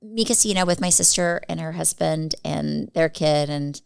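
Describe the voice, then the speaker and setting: A woman's voice: low voice, moderate pace, vocal fry, smooth. A woman in her forties co-hosting a podcast, telling stories in a casual, rambling way and leaning on "like" a lot. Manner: chatty storyteller, filler-heavy with frequent "like". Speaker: podcast co-host. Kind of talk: casual chat.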